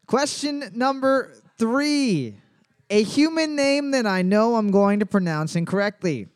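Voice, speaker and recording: A man with a high voice hosts a trivia night, reading each question twice. He slips in crude jokes and teasing asides between rounds. His delivery is loose and playful. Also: expressive, a little slow, clean tone. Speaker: trivia host. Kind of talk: bar trivia hosting with banter.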